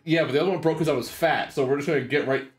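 A man's voice: a little high, rapid-fire, faint music behind. A young man streaming, chatting casually with jokes and swearing. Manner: joking, swearing, animated banter. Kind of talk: casual livestream chat.

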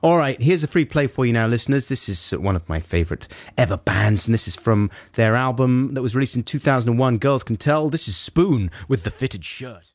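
A man's voice: medium pitch, lively intonation, a little fast, hardly any pauses. Bouncy, laughing radio host man. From England. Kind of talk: casual radio banter, introducing music. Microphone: studio microphone.

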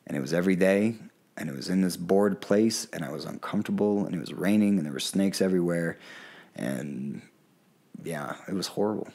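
Podcast guest, male, very low voice, earnest storyteller. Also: creaky, darkish tone. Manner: candid, earnest, acts out quoted voices. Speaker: podcast guest, plant medicine guide. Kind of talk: casual storytelling in an interview.

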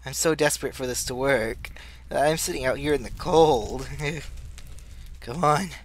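A man doing let's play commentary, talking to himself as he plays and bursting into excited squeals. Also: medium pitch, slow pace. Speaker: gaming channel host.

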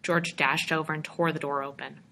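A woman reading a story aloud in a measured, expressive narration. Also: deep voice, a little hiss or hum. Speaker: reader.

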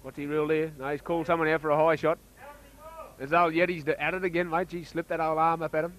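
An Australian man giving casual, chatty commentary on a local rugby league match, getting excited when play heats up. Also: a little high, fast talker, rough recording.

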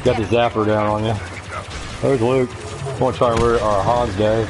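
A man from Norway on a gaming live stream, calmly calling out targets and chuckling often. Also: mid-range voice, normal speed, background noise. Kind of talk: casual gaming callouts.

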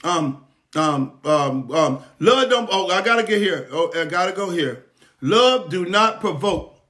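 A man preaching a sermon from the pulpit, calling for response and repeating praise God, sometimes rising to a shout. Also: fairly high pitch, expressive, unhurried. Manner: rises to shouting at times. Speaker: pastor. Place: church pulpit streamed online.

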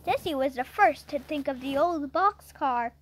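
A woman reads a children's storybook aloud in a high voice that rises and falls a great deal. She goes at an unhurried pace and sometimes stumbles and restarts a word. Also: expressive. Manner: unhurried reading with small slips and restarts. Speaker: audiobook reader.

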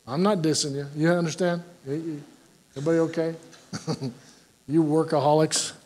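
Folksy joking older pastor, high-voiced man. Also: fairly even intonation, normal speed, pauses often, a little mellow. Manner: folksy and joking, with frequent "Amen?" to the congregation. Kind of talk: sermon.

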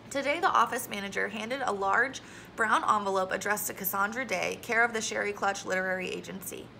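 A woman reading a children's novel aloud in a steady storytelling manner. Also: mid-range voice, gravelly, slight background noise, poor audio. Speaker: audiobook reader.

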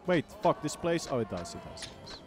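Here a native Dutch speaker does relaxed let's-play chatter, clowning around at his own expense and occasionally humming. He speaks a bit fast in a slightly high, sing-song voice, with game music behind him.

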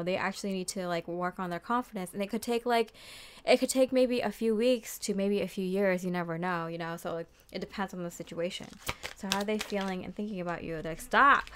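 A young woman talks through a tarot reading in a loose, chatty way, filling her speech with "like" and "you know" and slipping into quick quoted voices. Her voice is smooth and clear, sitting at an ordinary middle pitch. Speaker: tarot reader. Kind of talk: casual spoken tarot reading.

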